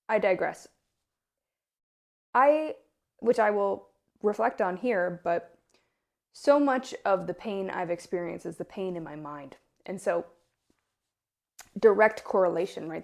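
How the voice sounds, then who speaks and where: A woman's voice: lowish voice, creaky, darkish tone. A woman hosting a podcast, talking in an earnest, confessional way in a personal reflective monologue. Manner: earnest, confessional, often asks for agreement. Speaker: podcast host.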